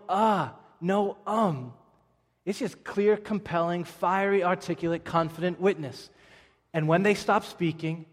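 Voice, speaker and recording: A man delivers a sermon as a vivid storyteller, his voice sitting a touch higher than most men's. He drops to soft asides, then pushes his volume up to drive a point home. A long reverb from the hall trails each phrase. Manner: animated storytelling preacher, shifting from soft to loud. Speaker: pastor.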